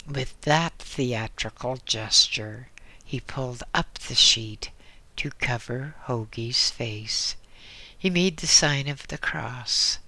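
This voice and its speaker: A man reading an audiobook in a slow, measured way, dropping into soft whispers now and then. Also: medium pitch. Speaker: audiobook reader. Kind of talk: scripted audiobook narration.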